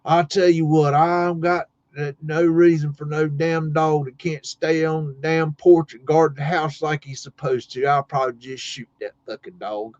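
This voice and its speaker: A man voicing a gruff, blunt old male tobacco farmer who talks in a slow, threatening drawl. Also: on the high side, steady tone, darkish tone, no echo, highs cut off, pitched above the performer's own voice, close to an everyday voice.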